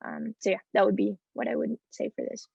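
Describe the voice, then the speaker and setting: Spanish-accented woman with a gravelly edge. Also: mid-range voice, huge pitch swings, fairly quick, no room sound. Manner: earnest, encouraging, emphatic. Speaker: student panelist. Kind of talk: panel advice. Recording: dull, muffled dry sound.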